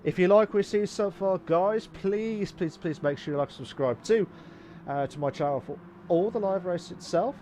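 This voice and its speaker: A man commenting live on a sim race, excitable and repeating phrases, breaking into shouts. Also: high-pitched, normal speed, a little hiss or hum.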